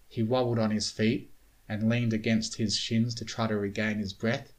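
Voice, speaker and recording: Man, lowish voice, steady, measured, reading a story aloud. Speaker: reader. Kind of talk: storybook narration of fan fiction.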